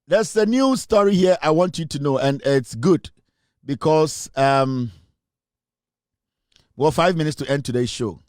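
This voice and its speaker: A man's voice: fairly high pitch, expressive, measured pace, pauses often, a little mellow, dry recording, studio quality. A man with a Ghanaian accent hosting an impassioned commentary show, preaching and repeating lines for emphasis. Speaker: show host. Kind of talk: impassioned commentary mixing English and Twi.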